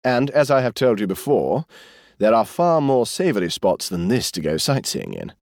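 In an audiobook, a man voices a weary fifty-five-year-old diplomat, sounding dry, patient and protesting. His medium-pitched voice is sing-song and a little mellow, at normal speed, with no room sound.

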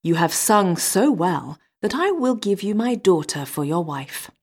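A woman's voice: on the low side, very animated, unhurried, husky, exaggerated voice. A woman voicing a stern old king who commands his daughter, in a storybook reading.

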